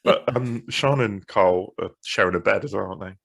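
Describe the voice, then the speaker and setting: A man's voice: low voice, brisk, creaky. A man co-hosting a casual podcast, blunt, sweary and drily teasing. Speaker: podcast co-host.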